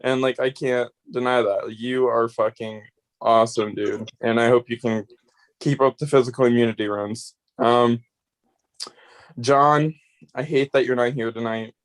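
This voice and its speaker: A man's voice: medium pitch, fairly even intonation, a little slow. A man giving a rambling, heartfelt farewell speech on voice chat as an eliminated player. He swears freely and grows emotional.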